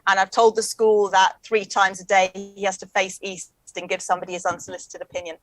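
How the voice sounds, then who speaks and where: A woman, chatting as a comedian guest in a quick, wry, joking way. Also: mid-range voice, flat delivery, fairly bright tone, dry recording, faint music behind, poor audio. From England. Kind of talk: casual chat.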